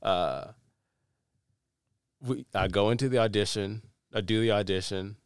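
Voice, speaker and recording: A young man co-hosting a casual chat show, telling an animated story and acting out the people in it. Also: fairly low pitch, unhurried, clear, resonant tone, dry recording, studio quality. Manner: animated storyteller, acts out quotes, laughs often. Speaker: podcast co-host.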